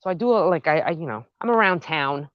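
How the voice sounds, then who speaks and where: A woman's voice: sits low, fast, no room sound, lo-fi sound. A woman with a North Jersey accent, chatting casually with live viewers while she works in her outdoor garden. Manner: chatty, excitable, talks to viewers. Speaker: gardening vlogger, live stream host.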